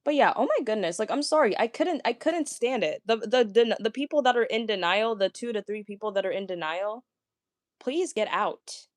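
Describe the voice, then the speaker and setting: A young woman talking casually, ranting to viewers, stammering and repeating words, with a fairly deep voice for a woman. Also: animated, moderate pace, dry recording, clean studio sound. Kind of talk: casual rant.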